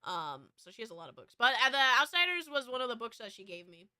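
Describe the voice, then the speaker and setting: Bright, high-voiced woman streamer. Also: sing-song, quick pace, smooth, no room sound, studio quality. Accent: American West Coast. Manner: rambling, with frequent fillers and restarts. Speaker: VTuber streamer. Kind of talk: casual chat.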